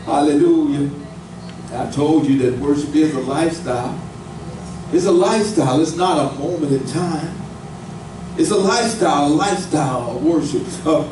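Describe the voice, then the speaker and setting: A man preaching a sermon as pastor, building to loud shouted peaks and calling on the congregation to answer. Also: a little high, heavy reverb, far from the mic, noisy background. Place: church sanctuary.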